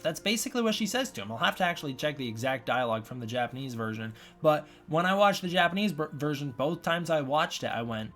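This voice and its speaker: Rambling man with a higher voice. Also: lively intonation, fairly quick, hardly any pauses, fairly bright tone, faint music behind. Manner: rambling, repeats and restarts himself. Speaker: film reviewer. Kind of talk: casual spoken film review.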